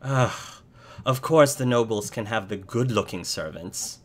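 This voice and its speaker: A man's voice: lowish voice, animated, moderate pace. A man voicing an anxious middle-aged farmer's wife who talks in an urgent, fussing way. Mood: gossipy.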